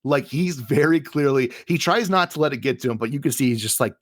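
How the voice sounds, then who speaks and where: A man co-hosting a podcast in casual chat, retelling scenes in an animated way with frequent laughter. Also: medium pitch, brisk, dry recording, studio quality. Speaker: podcast co-host.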